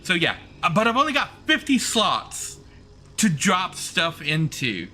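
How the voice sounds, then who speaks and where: Bright-voiced rambling male streamer. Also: sits high, wildly swooping pitch, measured pace, slight background noise. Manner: rambling, many fillers and restarts. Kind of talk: casual chat while gaming.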